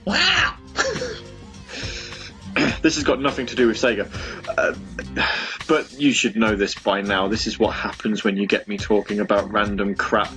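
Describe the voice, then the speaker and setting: A man's voice: lowish voice, fairly even intonation, normal speed, a bit bright, faint music behind. A young man hosting a casual online radio show from home, chatting with listeners in a rambling, self-mocking way full of fillers and restarts. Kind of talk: casual chat with listeners between songs. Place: home room.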